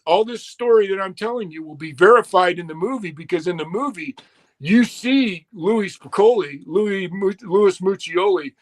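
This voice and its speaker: A middle-aged man with a high-pitched voice tells a long story as an interview guest. He swears often and quotes each person's words in his own voice, rising and speeding up as the tension grows. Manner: profane, animated retelling with quoted dialogue.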